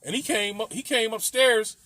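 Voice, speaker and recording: Middle-aged man, high voice, rambling profane storyteller who laughs a lot, dry close sound. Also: normal speed, bright, forceful tone, no echo. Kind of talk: casual storytelling.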